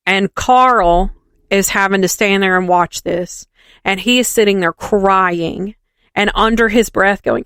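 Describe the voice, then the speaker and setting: A woman's voice: medium pitch, a little slow, smooth, no room sound. A woman co-hosting a podcast, animatedly retelling a reality show in casual chat and acting out the quotes. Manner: animated gossipy storytelling, acts out quotes. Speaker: podcast co-host.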